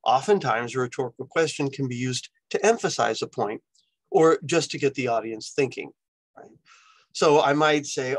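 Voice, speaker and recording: A man's voice: mid-range voice, lively intonation, normal speed, no echo, poor audio. Male lecturer with a dry, close sound. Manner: conversational, often adds "right?" as a tag. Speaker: university lecturer. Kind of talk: recorded lecture.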